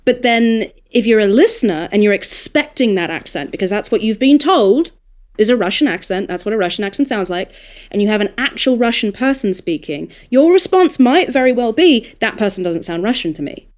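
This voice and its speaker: An Australian woman, a podcast guest, talking in a casual, animated, thoughtful way and laughing now and then. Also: a little high, normal speed. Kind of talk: casual panel discussion.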